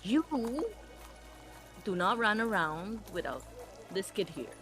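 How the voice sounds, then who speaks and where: A woman playing a gruff, soft-hearted knight. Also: mid-range voice, lively intonation, takes it slowly, soft background music, pitched below the performer's own voice. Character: gruff gentle male knight.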